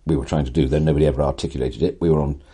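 A man's voice: rumbling low, steady tone, racing, mellow, slightly rough. An older man, a writer answering an interviewer's questions with eloquent, wry, theatrical storytelling. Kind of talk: animated conversational storytelling.

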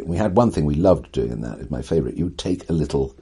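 An older interview guest whose voice is exceptionally deep and husky, yet mellow, tells animated stories in conversation. He speaks expressively and a little fast with hardly any pauses, leaning on rhythm and emphasis. His wording is eloquent, wry, theatrical and vivid.

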